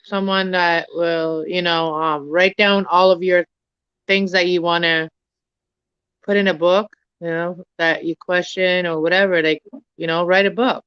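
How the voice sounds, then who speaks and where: A woman's voice: lowish voice, fairly even intonation, a little slow, clear, resonant tone, dull audio. A woman hosting a casual home livestream, rambling and easily distracted while she bakes in her kitchen. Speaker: livestream host.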